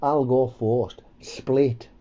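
A man's voice: mid-range voice, steady tone, drawn-out words, mellow, muffled recording. A man hosting a comedy podcast, rambling, sweary and self-mocking. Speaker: podcast host. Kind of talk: casual comedy chat.

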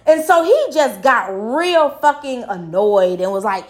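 A woman's voice: a little high, animated, measured pace. Blunt, profane woman telling a story. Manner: blunt, profane, rambling with many fillers. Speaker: vlogger commenting on a news case. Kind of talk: casual storytelling commentary.

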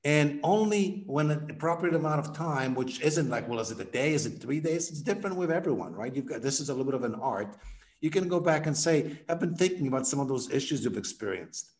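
A man on a podcast explaining sales messaging, energetic and acting out sample conversations. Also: on the high side, fast talker. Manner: energetic, acts out example dialogues. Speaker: guest, sales coach. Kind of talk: podcast interview.

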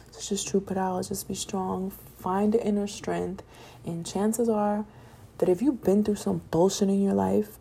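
A woman's voice: medium pitch, gravelly, warm tone, husky. A young woman casually encouraging her listeners, frank and profane, drifting at times into whispers. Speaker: vlogger. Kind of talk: casual motivational talk to listeners.

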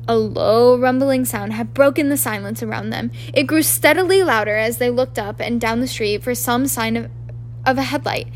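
A woman reading a book aloud as an amateur narrator, in a halting way with frequent restarts. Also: fairly high pitch, a little hiss or hum. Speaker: audiobook narrator. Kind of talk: audiobook reading.

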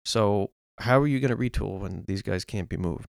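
A man's voice: on the low side, normal speed, vocal fry, dry recording, studio quality. A man co-hosting a casual sports podcast, ranting with frustration and restarting his sentences. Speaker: podcast co-host.

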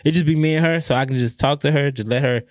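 A man's voice: a little high, quick pace, no room sound, studio quality. A man in his thirties, a podcast co-host, telling stories in a loose, profane, casual way. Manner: loose, profane storytelling with animated retellings.

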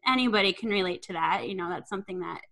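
An upbeat young woman talks as an online fitness coach, encouraging and easygoing, often dropping in "um" and "you know". Her voice sits at an ordinary, mid-range pitch. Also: fast talker, a bit bright, poor audio. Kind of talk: conversational interview.

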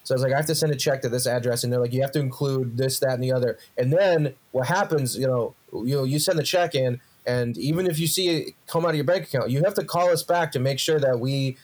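Ranting comedian telling a story. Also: male voice, medium pitch, fast talker, few pauses. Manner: animated ranting storyteller, swears a lot. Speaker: podcast co-host. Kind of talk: casual comedic chat.

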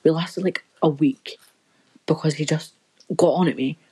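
Young woman, low voice, rambling sweary storytelling, casual podcast chat. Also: steady tone, moderate pace, warm tone, breathy edge, low-quality recording.

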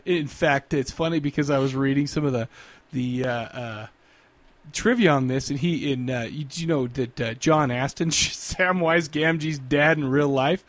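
A man's voice: mid-range voice, moderate pace, dry recording. A man hosting a podcast in casual chat, rambling and hesitant with lots of fillers. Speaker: podcast host.

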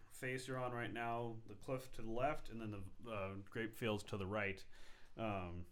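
A man running a tabletop game as game master, narrating in a halting way full of fillers. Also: lowish voice.

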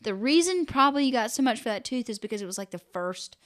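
A woman's voice: fairly high pitch, quick pace. A woman in her thirties co-hosting a podcast, telling family stories in casual chat and acting out what people said. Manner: animated storytelling, acts out quotes. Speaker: podcast co-host.

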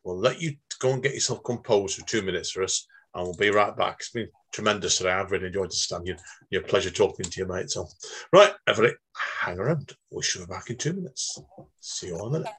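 A man's voice: low-pitched, fast, a bit bright, husky. A man hosting a podcast in chummy, casual chat, often calling his guest mate. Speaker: podcast host.

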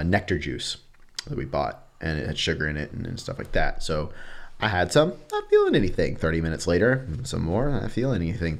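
Deep-voiced man telling a candid story. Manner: animated, acts out quotes, swears casually. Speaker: guest.

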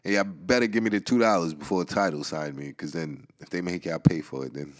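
A man hosts a solo podcast in a low, fairly quick voice with a Southern US Georgia accent. He rambles casually, swearing and laughing often as he goes.

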